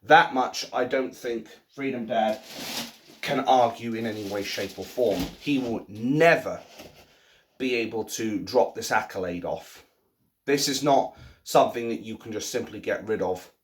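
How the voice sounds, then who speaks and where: A man in his thirties talking at home in a casual ranting monologue, swinging between low muttering and loud outbursts. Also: unhurried. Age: 30s. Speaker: vlogger. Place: at home, by the sink.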